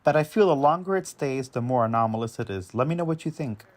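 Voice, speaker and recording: Mid-pitched man, casual reaction commentary, thinks aloud, hesitant. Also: lively intonation, fast. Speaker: video commentator.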